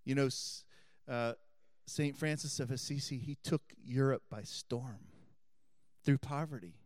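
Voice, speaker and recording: A middle-aged man, a Catholic priest, preaching a homily and telling a story earnestly, dropping his voice soft for emphasis. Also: mid-range voice, unhurried, no echo, studio quality.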